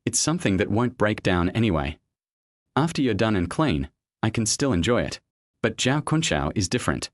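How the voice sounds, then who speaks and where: A man's voice: on the low side, big pitch swings, normal speed, dry recording. A man voicing a scheming, contemptuous young man in a narrated web comic recap, taunting and sneering.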